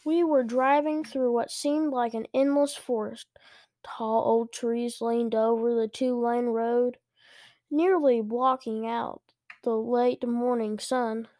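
Slow careful woman story reader. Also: a little high, little pitch movement, mellow, dry recording, clean studio sound. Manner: careful, with small restarts. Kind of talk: reading a children's book aloud.

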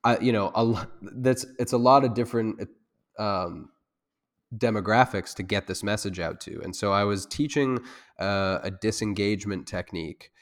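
During a conversational interview, a self-defense instructor with a fairly low voice speaks at a normal speed. He rambles loosely, restarts his sentences and leans on fillers. He turns loud and heated when driving a point home.

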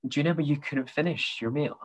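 A man chatting casually about a trip, relaxed and prompting his co-host. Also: fairly high pitch, fast talker, rough recording. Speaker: podcast co-host. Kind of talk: casual travel chat.

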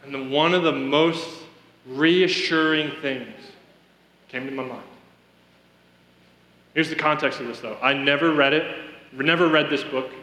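Male preacher, high bright tone, earnest testimony, roomy church reverb. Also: steady tone, measured pace, long pauses. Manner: earnest storytelling, addresses congregation directly. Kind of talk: sermon. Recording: echoey hall reverb.

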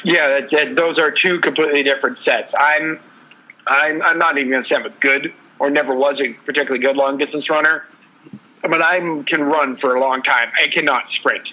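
A man's voice: fairly high pitch, steady tone, a little fast, pushed and bright, rough recording. A man co-hosting a casual sports talk show, telling a sports story in a loose, rambling way. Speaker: podcast co-host.

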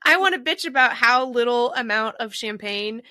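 A woman co-hosting a podcast in casual chat, telling stories in an animated, chatty way. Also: fairly high pitch, moderate pace, dry recording, clean studio sound. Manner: chatty storyteller, animated retelling. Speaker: podcast co-host. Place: home recording with a drink.

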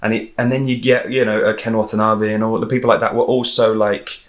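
A man's voice: lowish voice, flat delivery, quick pace, roomy sound. A man in casual chat about films, rambling with fillers. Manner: chatty, trails off into fillers.

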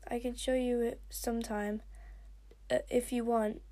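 A woman's voice: high-pitched, vocal fry, dark tone, voice pushed up, exaggerated voice. Woman reader as a nervous young boy dragon, stuttering, storybook reading. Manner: stammering, halting. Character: nervous young male seawing dragon, stammering.

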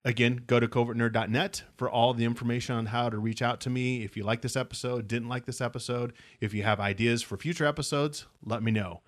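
A man's voice: medium pitch, fairly even intonation, a little fast, few pauses, no room sound. A man hosting a podcast, chatting easygoing and appreciative with his guest and signing off to listeners. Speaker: podcast host. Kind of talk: casual interview chat and show sign-off.

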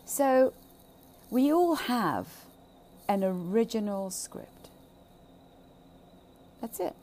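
A woman giving an impassioned, emphatic monologue, swearing freely, repeating phrases and swinging between loud bursts and hushed asides. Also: a little high, sing-song, very slow. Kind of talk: impassioned monologue on childhood trauma.

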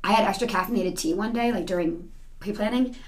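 A woman who teaches second grade, telling stories in a quick, animated way during a casual interview. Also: medium pitch.

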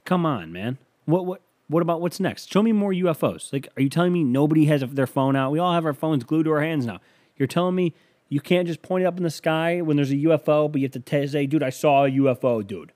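A man's voice: a little high, fast, darkish tone. A man hosting a solo comedy podcast, delivering a rambling, sarcastic monologue full of swearing. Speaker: podcast host.

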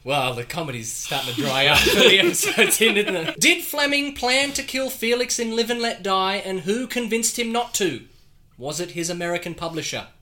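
A man's voice: high voice, sing-song, moderate pace, background noise. A man co-hosting a casual podcast, playfully reading out facts and quiz questions to his co-hosts. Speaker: podcast co-host.

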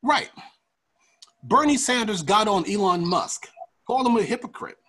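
A man hosting a podcast, giving profane, ranting political commentary in a casual, animated way. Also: sits high, normal speed, breathy edge. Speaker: podcast host.

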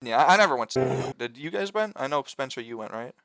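Young man, casual storyteller, profane and rambling; bright tone, dry close sound. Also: medium pitch, animated, fast talker, creaky, no room sound. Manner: rambling, profane, lots of fillers and restarts. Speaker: storyteller among friends. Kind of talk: casual chat.

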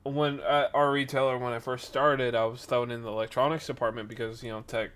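A young man casually telling a workplace story on a stream, acting out the people in it and getting loud at times. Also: medium pitch, fairly quick, smooth. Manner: animated, acts out quoted voices, rises to loud outbursts.

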